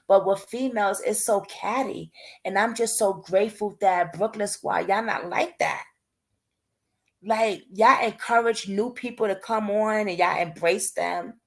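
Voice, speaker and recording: A woman hosting a casual livestream from home, talking in a chatty, heartfelt way to her subscribers and calling them y'all. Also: mid-range voice.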